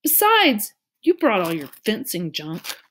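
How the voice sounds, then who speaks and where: A woman reading a storybook, voicing an excitable, curious nine-year-old boy who loves animals. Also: medium pitch, unhurried, breathy edge, pitched above the performer's own voice, full character voice. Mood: teasing.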